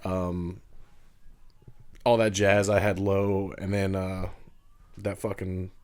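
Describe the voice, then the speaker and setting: Low-voiced man chatting casually. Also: little pitch movement, slow pace, a little mellow. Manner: laid-back, laughs easily, swears casually. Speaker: podcast co-host. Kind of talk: casual film chat.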